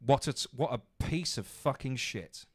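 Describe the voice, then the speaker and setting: A man's voice: medium pitch, animated, moderate pace. A man hosting a podcast, ranting angrily with lots of swearing. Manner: angry, profane ranting. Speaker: podcast host. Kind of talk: ranting commentary.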